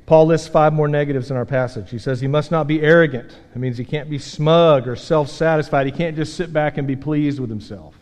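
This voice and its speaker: A man preaching a sermon as pastor, earnest and emphatic, dropping from loud points to quiet self-deprecating asides. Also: on the high side, fairly quick, few pauses. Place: church sanctuary. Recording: long hall reverb.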